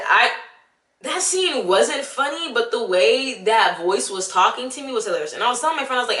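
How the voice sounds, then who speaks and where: A young woman vlogging a casual movie review, animated and exasperated as she talks straight to the viewer. Her voice is bright and a little sharp. It rings in an echoey room. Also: medium pitch.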